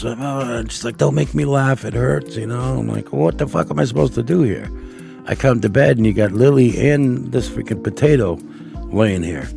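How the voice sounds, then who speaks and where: Gravelly, low-voiced man chatting casually. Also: mellow. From Oregon. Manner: rambling and profane, laughing at his own stories. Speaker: livestream host. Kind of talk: casual live stream chat.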